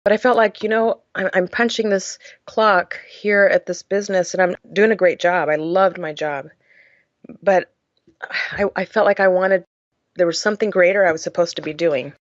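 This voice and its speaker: A woman's voice: on the low side, steady tone, moderate pace, dry recording, muffled recording. A woman guest on a podcast, earnestly telling her personal story in an emotional way, with frequent "uh" fillers. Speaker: podcast guest, charity founder.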